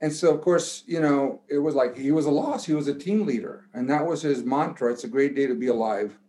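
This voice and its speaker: A guest who played college football delivers a motivational pep talk that builds toward shouting, then moves into a long story. His voice is medium in pitch and his pace a little fast.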